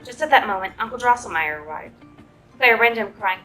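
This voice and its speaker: A woman librarian reading a children's story aloud in a clear, expressive storytelling manner. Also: fairly high pitch, fast talker, soft background music, poor audio.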